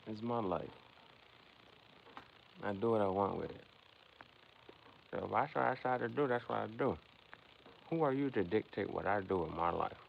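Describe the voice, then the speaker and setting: Gravelly low-voiced man on a livestream. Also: normal speed, pauses often. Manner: rambling, philosophizing, addressing chat directly. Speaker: livestream host. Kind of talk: casual livestream chat. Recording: dull lo-fi sound with faint background noise.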